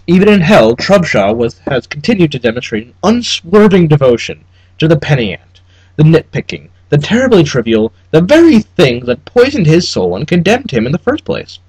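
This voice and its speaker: A man narrating an audiobook with a wry, expressive delivery and a voice that rises and falls freely. The tone is slightly husky and recorded in a dry, close setting. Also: normal speed, dry recording, poor audio. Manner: expressive, wry reading with lively pitch. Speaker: audiobook reader.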